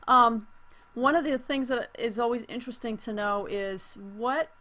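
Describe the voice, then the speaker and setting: A woman's voice: fairly high pitch, normal speed, sharp tone. A woman interviewing a teacher, affirming her answers and asking open questions in a casual tone.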